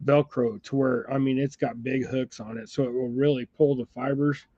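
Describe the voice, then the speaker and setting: A man's voice: medium pitch, level tone, moderate pace, creaky, dark tone, dry recording. A man hosting a casual jig-tying chat at his bench indoors, rambling and laid-back, laughing often. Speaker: fly and jig tier, channel host. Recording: dull lo-fi dry sound.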